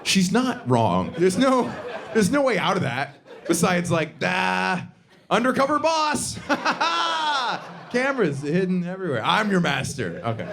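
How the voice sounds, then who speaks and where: A man from the Southern US performing a stand-up comedy set on a theater stage, with a sardonic, punchy delivery and sudden high-pitched outbursts. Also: very animated, moderate pace. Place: theater stage before a live audience. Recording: live stage recording with audience noise.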